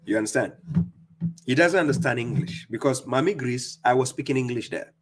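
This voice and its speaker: A man giving scolding religious commentary on a live stream, mocking opponents and reading verses slowly. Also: mid-range voice, soft background music. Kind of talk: preaching commentary on played clips.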